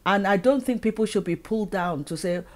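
A woman's voice: medium pitch, fairly quick. Earnest woman asking questions. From Africa. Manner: earnest, asks many rhetorical questions. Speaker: channel host and educator. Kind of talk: talking-to-camera advice vlog.

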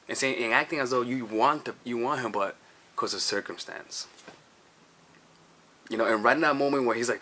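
Man with a bright tone, loose rambling delivery and faint background noise, as a dating coach. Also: mid-range voice, fairly quick. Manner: rambling, restarts often, frequent "all right?" and "you see". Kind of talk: casual advice monologue.

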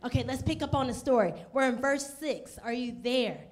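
Woman, pastor, sermon, high-pitched, emphatic, folksy, call-and-response. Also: animated, brisk. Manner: conversational, slips into casual folksy speech. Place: church, also streamed online.

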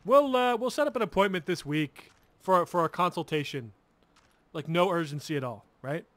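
A man's voice: fairly high pitch, expressive, normal speed, a bit bright, no echo. A man mimicking a breezy, dismissive male doctor who brushes off worries. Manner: offhand, reassuring.

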